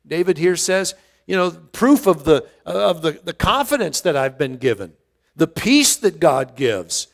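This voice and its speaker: A man's voice: a little high, sing-song, a little slow, creaky, long reverb tail. A male pastor teaching a verse-by-verse Bible study in an earnest way, often restarting words and stressing key phrases.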